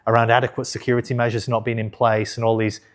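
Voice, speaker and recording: A fast-talking investing channel host in his thirties speaks in a level, mid-range voice. Telling the camera a personal story, he stays frank and conversational, throws in casual swears, and corrects himself along the way.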